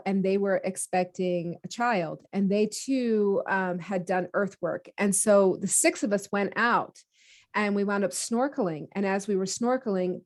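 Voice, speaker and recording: Podcast guest, woman, mid-pitch, animated storyteller who acts out what she was thinking. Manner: lively, acts out her own quoted thoughts; many fillers and restarts, laughs easily. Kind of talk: casual conversational storytelling.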